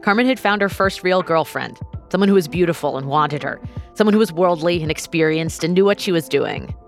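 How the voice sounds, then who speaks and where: A woman host narrating a true story in a measured, scripted style and interviewing her guest. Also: on the low side, faint music behind.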